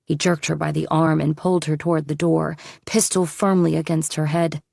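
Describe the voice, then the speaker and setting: A woman narrating an audiobook in a measured, steady storytelling manner. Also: low voice, gravelly, no echo, studio quality. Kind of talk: scripted narration.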